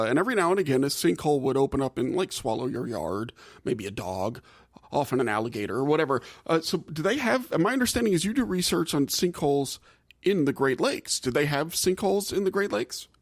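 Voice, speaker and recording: A man hosts a casual podcast in a jokey, self-deprecating way, his speech emphatic and swinging widely in pitch. His voice sits a little high for a man. The recording is dry and close, with faint music underneath. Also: no room sound. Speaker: podcast host.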